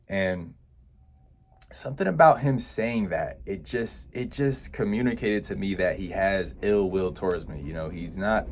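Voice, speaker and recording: A young man with a deep, low voice shares a personal story from his past. He talks in a reflective, unhurried way and leans on "you know" and small restarts as he recalls it. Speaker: vlogger.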